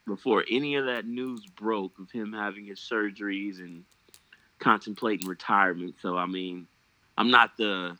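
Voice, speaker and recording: Bright-voiced man in casual league chat. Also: on the low side, fairly even intonation, normal speed, dry recording, rough recording. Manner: joking, profane, trails off into fillers. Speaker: podcast host. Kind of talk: casual fantasy football chat.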